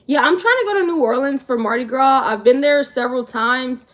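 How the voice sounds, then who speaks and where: Talking a little fast, a twenty-something woman vlogs live and answers her chat casually, using slang and a laid-back tone. Her voice is high and fairly bright.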